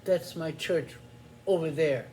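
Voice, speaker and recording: A man's voice: fairly high pitch, slow, darkish tone, a little hiss or hum. A man quoting a terse elderly woman who answers in blunt, few words, in his own voice. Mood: curt.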